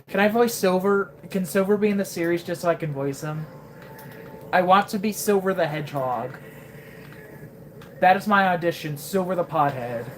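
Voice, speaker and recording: A woman's voice: on the low side, normal speed, a little hiss or hum. A woman streaming live and chatting casually while gaming, playful, giggly, swearing freely.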